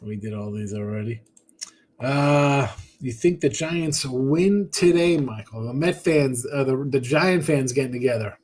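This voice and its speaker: A man hosts a sports betting podcast in an unhurried, medium-pitched voice with a darkish tone. After a short night he's tired and yawning, chatting offhandedly, reading viewer comments, and rambling as he calls chat members by name.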